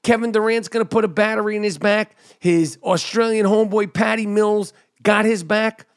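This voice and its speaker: A middle-aged man with a high voice hosts a podcast and rants through a sports monologue. He sounds animated and emphatic, jumping up in pitch to punch his points. He talks into a studio microphone. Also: normal speed, clear, resonant tone. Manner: animated, emphatic, drops to mock whisper. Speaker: podcast host. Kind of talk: energetic sports commentary monologue. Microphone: studio podcast mic.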